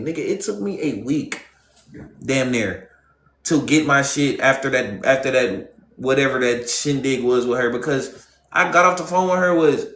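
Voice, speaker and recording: A man's voice: fairly high pitch, normal speed, a bit bright. A young man streaming live, casually telling his viewers a personal story in loose, profane street slang and talking straight to them. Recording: roomy echo.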